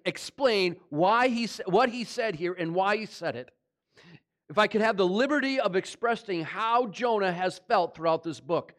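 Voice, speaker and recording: High-voiced man preaching a sermon. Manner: conversational preaching, asks the congregation questions; dramatizes voices of God and Jonah in quotes. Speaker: pastor.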